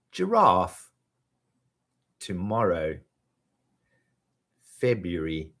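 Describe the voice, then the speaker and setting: Slow repeat-after-me pronunciation drills are led by a man whose voice is low-pitched and slightly rough. He chuckles between tongue twisters while teaching English.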